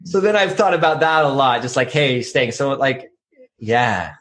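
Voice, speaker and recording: A man's voice: medium pitch, expressive, a little slow, a bit bright. A man on a podcast telling a personal story in a loose, reflective way, with many fillers. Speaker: podcast co-host.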